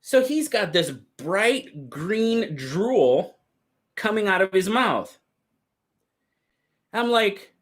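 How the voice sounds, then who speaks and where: A man hosting a livestream, telling stories in a casual, drawn-out way and reading out chat. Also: high voice, big pitch swings. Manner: drawn-out, easygoing storytelling with quoted voices. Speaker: livestream host. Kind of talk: casual storytelling to live chat.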